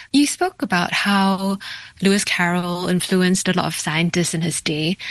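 Woman panelist, friendly, inquisitive, lowish voice, dry. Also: no echo, rough recording. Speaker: panel contributor. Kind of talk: radio discussion.

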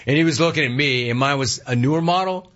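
A man's voice: on the high side, quick pace, fairly bright tone, muffled recording. A man hosting a casual talk radio show and reading listener complaints, talking in slang and repeating words for emphasis.

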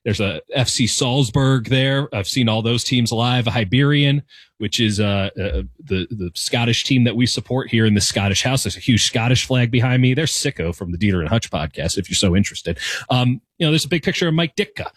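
A man's voice: mid-range voice, fairly quick, no echo. A man in his thirties with an American accent, talking through a candid, wry, self-deprecating opinion monologue in his home room. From United States. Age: 30s. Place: home room decorated with soccer scarves and flags.

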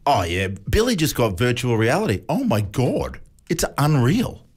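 A man's voice: mid-range voice, wildly swooping pitch, moderate pace, husky. A man hosting a radio show, chatting casually, joking and laughing often.

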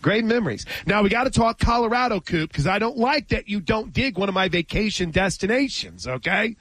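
A man's voice: sits high, expressive, fairly quick, a bit bright, no echo, low-quality recording. Chatty male sports radio host. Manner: chatty, storytelling. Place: radio studio.

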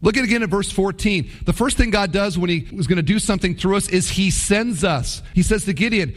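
A man preaching a sermon, retelling Bible stories with animated voicing of the characters' complaints. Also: sits high, brisk, few pauses. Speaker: pastor. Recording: long hall reverb.

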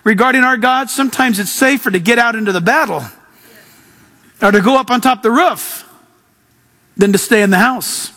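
A pastor delivering a lively sermon in a notably high voice. He preaches with animation and slips into acted voices to make his points. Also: normal speed, long pauses.

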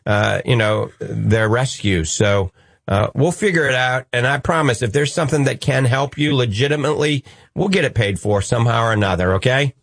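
A man's voice: mid-range voice, normal speed, gravelly, no room sound. A man with a New Orleans accent hosting a call-in radio show, upbeat and preachy, joking with callers. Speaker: radio host.

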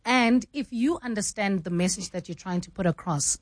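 A woman from South Africa who works as a news anchor, explaining her craft in a measured, emphatic way. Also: mid-range voice, no echo. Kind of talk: studio conversation about newsreading.

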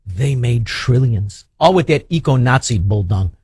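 A man's voice: medium pitch, lively intonation, unhurried, a little mellow, breathy edge, no echo, clean studio sound. A man hosting a radio talk show, ranting sarcastically and hurling insults at his opponents. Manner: sarcastic, mocking, hurls insults. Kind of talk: combative talk radio rant.

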